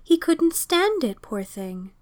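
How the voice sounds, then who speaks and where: A woman's voice: high-pitched, very animated, unhurried. A woman voicing a kindly elderly landlady who sounds sniffly and close to tears. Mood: tearful. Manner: sniffly, emotional.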